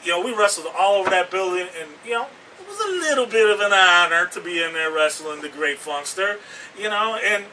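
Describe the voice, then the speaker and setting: A man who is a pro wrestler, giving a cocky, boastful, trash-talking interview in character. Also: high voice. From Canada. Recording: distant mic with background noise.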